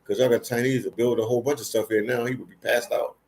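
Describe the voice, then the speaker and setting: This Philadelphia livestream host has a medium-pitched, level, darkish voice with vocal fry, and he talks quickly. He spins casual stories live, stressing words and repeating phrases.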